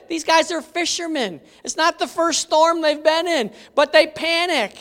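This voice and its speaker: Animated Bible teacher in a hall. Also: very high-pitched, unhurried, hardly any pauses. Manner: animated storytelling, asks the audience questions. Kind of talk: interactive Bible lesson. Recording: long hall reverb.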